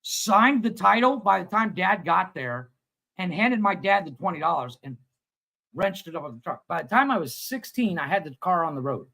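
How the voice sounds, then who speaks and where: A man in his thirties co-hosting a casual livestream chat, telling a long story with lively acted-out quotes and plenty of swearing. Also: high-pitched, moderate pace, creaky, low-quality recording. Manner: animated storyteller, acts out quotes, swears freely. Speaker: podcast co-host.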